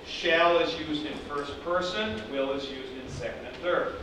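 A man lectures a class in a loose, conversational way, circling back to repeat his points. He speaks slowly in a voice a bit higher than most men, and he sounds distant from the mic in a very echoey room with steady noise behind him. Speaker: teacher.

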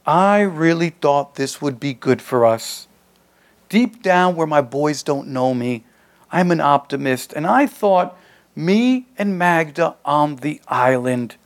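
A man's voice: fairly high pitch, expressive, slow. A man reading his own short story aloud, in a conversational, streetwise first-person voice.

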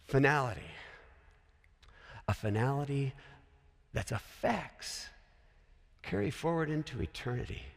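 A man's voice: medium pitch, animated, a little slow, gravelly, long pauses. A man from Colorado preaching a sermon in a chapel, conversational and full of joking asides. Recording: echoey hall.

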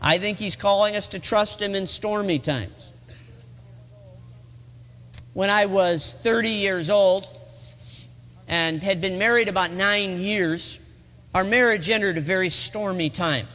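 A man's voice: high voice, unhurried, pauses often, pushed and bright. A middle-aged man preaching a sermon in a church, telling the story earnestly and rising to emphatic peaks. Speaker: pastor. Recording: long reverb of a large hall.

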